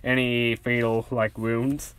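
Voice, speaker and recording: A man's voice: mid-range voice, level tone, takes it slowly, a bit bright, clear, resonant tone. A man telling an improvised fan story in a rambling way, full of fillers.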